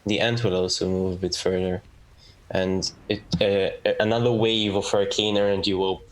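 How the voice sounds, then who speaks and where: Low voice guy, slow with his turn, lots of ums. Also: level tone, low-quality recording. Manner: halting, thinks aloud with fillers. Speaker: player. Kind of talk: casual tabletop play.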